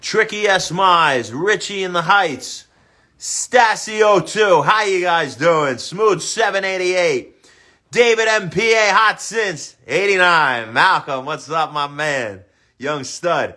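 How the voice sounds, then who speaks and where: Bright-voiced male fitness host. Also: fairly high pitch, animated, a little slow. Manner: upbeat shout-outs to viewers. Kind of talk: casual livestream talk.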